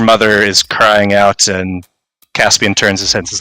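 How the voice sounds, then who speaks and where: A man's voice: on the low side, little pitch movement, a little slow, sharp tone, clear, resonant tone, no echo, rough recording. A man running a tabletop role-playing game, narrating a tense scene in vivid second-person storytelling. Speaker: game master.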